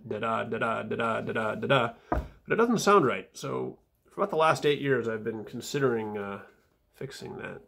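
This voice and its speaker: A man reading his own footnotes aloud in a casual vlog, dry and wry, with fillers and soft mumbled asides. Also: mid-range voice, gravelly, slightly rough.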